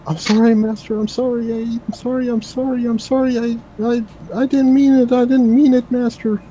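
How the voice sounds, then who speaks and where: A man's voice: very high voice, flat delivery, moderate pace, mellow, a little hiss or hum, pitched above the performer's own voice, poor audio. A man voicing a terrified, timid young captive woman who stammers out repeated apologies. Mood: pleading, terrified.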